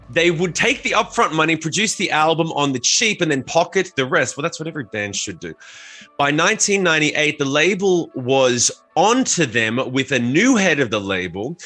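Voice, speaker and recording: A man co-hosting a rock history podcast, speaking in a bright, forceful voice that sits a little high. He tells his stories loosely and swears freely. Faint music sits in the background. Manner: loose, profane storytelling. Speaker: podcast co-host. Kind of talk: casual chat.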